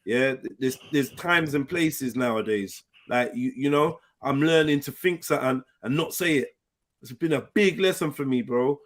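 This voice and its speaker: A man, hosting a casual panel discussion, talking in a lively, slang-filled way. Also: mid-range voice, moderate pace. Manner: animated, slang-heavy, acts out quoted voices. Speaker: panel host.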